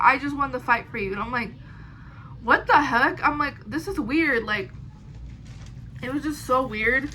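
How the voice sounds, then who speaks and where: Bright high-voiced young woman rambling. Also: slight background noise, low-quality recording. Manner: rambling, animated, quotes people in quick asides. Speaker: storyteller vlogger. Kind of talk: casual storytime monologue.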